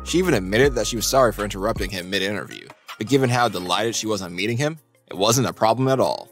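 Man, low voice, scripted countdown narration, faint music underneath. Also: fast. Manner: even, steady read-out delivery.

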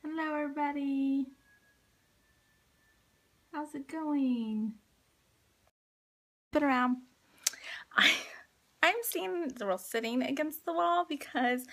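Woman, 30s, live-stream host at home on a handheld phone: slightly high, bright and forceful, chatty, laughs a lot, heavy on fillers. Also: slow pace, pauses often. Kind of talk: casual live-stream chat. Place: at home indoors.

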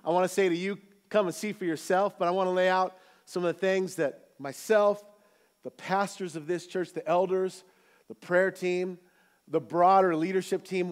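A man with a high, bright voice preaches a sermon in a church auditorium. He rises into loud, animated calls to the congregation, then settles into relaxed, chatty storytelling. His delivery is lively and rhythmic. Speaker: pastor.

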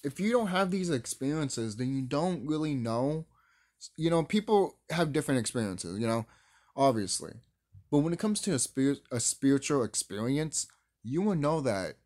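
A man's voice: medium pitch, big pitch swings, normal speed, darkish tone. A young man hosting his own channel, ranting emphatically and profanely in a casual spiritual monologue, often restarting his sentences. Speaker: YouTube channel host.

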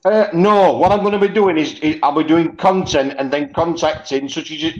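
Yorkshire man, cheeky sweary livestream guest, lo-fi dull sound, slightly high voice. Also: moderate pace, a little mellow. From born in Ireland, raised in Yorkshire. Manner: swearing, joking, laughs often. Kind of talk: casual banter. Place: sitting outdoors by a canal. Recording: dull lo-fi stream audio.

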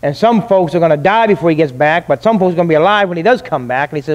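High-voiced emphatic preacher man. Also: expressive, highs cut off. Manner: emphatic, rhetorical questions, pauses with "wow". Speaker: pastor. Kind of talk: sermon.

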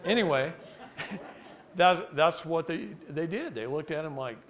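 A middle-aged man from Oregon giving a live seminar talk, telling stories in a folksy, animated way. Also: on the high side, a little slow. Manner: folksy, animated, mocking voices in anecdotes. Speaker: seminar speaker. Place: seminar room.

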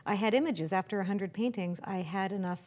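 A woman's voice: mid-range voice, brisk, a little mellow. Chatty middle-aged woman, Canadian-British accent. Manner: chatty, laughs easily. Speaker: artist and company president. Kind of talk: interview answers.

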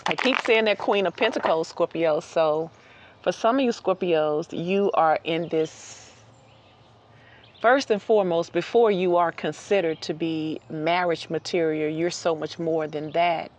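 A woman giving a casual outdoor tarot reading, lively and chatty, laughing often and repeating phrases for emphasis. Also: lowish voice, unhurried. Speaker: tarot reader.

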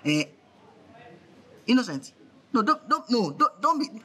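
A man plays a flustered, broke man begging over the phone. He stammers and repeats himself, his voice very high and lively, with a bright, sharp edge. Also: unhurried, husky, full character voice. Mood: pleading. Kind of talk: comedy skit acting.

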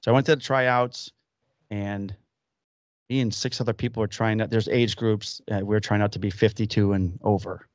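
A podcast host in his fifties from Illinois chats casually from his home workshop basement, telling rambling stories packed with acted-out quotes from other people. His voice is lowish with fairly even intonation and normal speed. The recording is muffled but free of echo.

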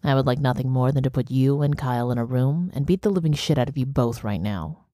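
A woman voicing an angry young male bear shifter in an audiobook, speaking slowly with a menacing growl. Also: rumbling low, warm tone, no echo, studio quality. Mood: furious.

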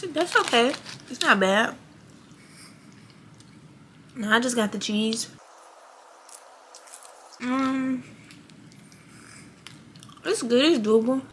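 A woman's voice: on the high side, a little hiss or hum. A young woman talking candidly to her viewers in a casual, slangy vlog chat. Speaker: vlogger.

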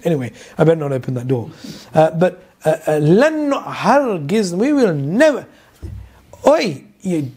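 A man giving an animated Quran lesson lecture, full of hesitations and quick recited verses. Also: fairly high pitch, breathy edge. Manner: animated, mixes English with Urdu and Arabic recitation, many fillers. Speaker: Islamic teacher.

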